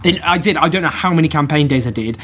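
A Mancunian man in a casual political chat, racing through his words with a husky, slightly rough voice. He tells stories animatedly, stumbling and restarting, and slips into the voices of the people he met. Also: on the high side. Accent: Mancunian English. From Manchester, England. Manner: rapid, animated storytelling with restarts and quoted voices.

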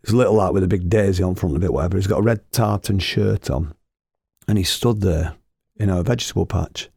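A man's voice: low-pitched, a little fast, gravelly, warm tone, slightly rough, dry recording, studio quality. A man, a former radio host, telling rambling, chatty anecdotes and laughing at his own tales. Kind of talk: casual anecdotal storytelling.

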